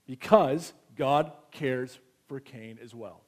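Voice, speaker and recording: A man's voice: mid-range voice, takes it slowly. A man in his thirties preaching a sermon in a conversational way, often checking in with his listeners. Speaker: pastor.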